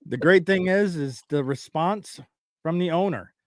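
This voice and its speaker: Podcast host guy, kinda high voice, super dry sound, rambly and relaxed. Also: measured pace, no echo. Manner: rambling, setting up bits. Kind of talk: casual chat.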